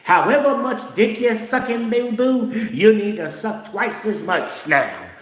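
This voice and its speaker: A man doing an impression of a high, squeaky male stand-up comedian giving advice. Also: very animated, measured pace, reverberant. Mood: preachy. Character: shrill fast-talking male stand-up comedian.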